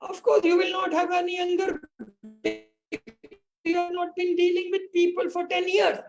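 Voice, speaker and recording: A woman meditation teacher telling a spiritual teaching story on a support call, with many pauses, fillers and restarts. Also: very high-pitched, monotone, music in the background, poor audio.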